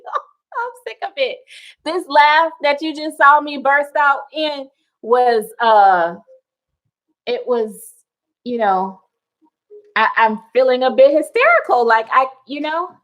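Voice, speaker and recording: A woman's voice: mid-range voice, vocal fry, poor audio. A young woman chatting casually on a livestream from home, laughing often and talking to viewers by name. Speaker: wellness livestream host. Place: at home indoors.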